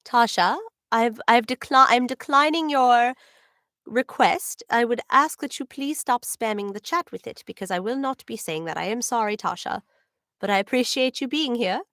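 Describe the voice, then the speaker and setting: A woman's voice: a little high, normal speed, fairly bright tone, dry recording, clean studio sound. A young adult woman, a voice actor, chatting casually on a livestream, answering fan questions with many ums and giggles.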